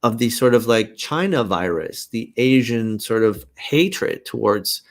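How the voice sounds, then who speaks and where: A man hosting a casual live stream, talking earnestly and haltingly as he thinks aloud. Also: mid-range voice, lively intonation. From Canada. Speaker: host.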